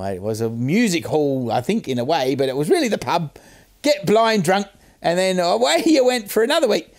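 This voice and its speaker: A man's voice: high-pitched, vocal fry. An older man hosting a chatty, self-mocking talk about a nursery rhyme's history, with some salty language. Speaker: host. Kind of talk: casual storytelling explainer.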